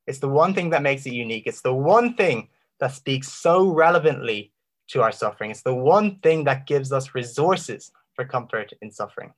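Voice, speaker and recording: A man giving an impassioned Christian apologetics talk, full of rhetorical questions and dramatic pauses. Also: medium pitch, expressive. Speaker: Christian speaker.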